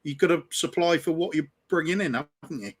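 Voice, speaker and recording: A man's voice: fairly high pitch, fast. A man joining a fan watch-along stream as a guest, talking casually and frankly about his team's play. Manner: frank, analytical, swearing. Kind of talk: casual football chat over a call.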